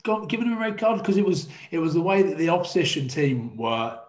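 A man's voice: on the high side, very animated, roomy sound. A man on a chat panel who eagerly quizzes a guest and retells what others said. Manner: quick, eager questioning, repeats himself.

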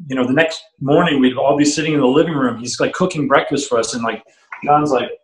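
A man's voice: mid-range voice, fast talker. A middle-aged man, a guitarist guest, telling stories in an interview, acting out quotes and swearing freely. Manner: animated storyteller who acts out quotes, swears freely. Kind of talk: storytelling interview. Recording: roomy echo.

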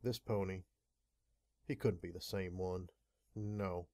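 A man reads an audiobook aloud in a dramatic, measured style. His voice is low. The recording is dry and close, with no room sound. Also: steady tone, warm tone, no room sound. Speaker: audiobook reader. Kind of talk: scripted narration.

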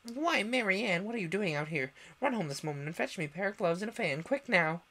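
A man's voice: mid-range voice, steady tone, fast, pushed and bright. A man voicing a fussy, anxious male White Rabbit from a storybook reading, muttering frantically. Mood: angry.

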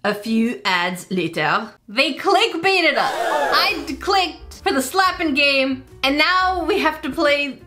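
Woman, gaming host, bright slightly high voice, chatty casual commentary, faint music behind. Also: lively intonation, slow pace. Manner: chatty, confused, laughing, talking to viewers. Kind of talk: casual let's-play commentary. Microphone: desk microphone.

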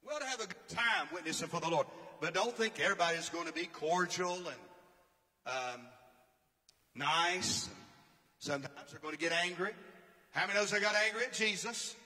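A man's voice: high voice, bright, forceful tone. A man preaching a sermon, telling stories in an emphatic, preacherly way. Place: church or conference hall. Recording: long hall reverb.

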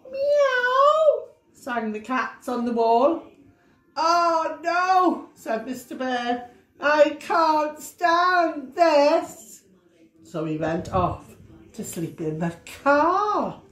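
A woman teacher reading a picture book aloud to children, expressive and playful with sound effects. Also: fairly high pitch. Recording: roomy echo.

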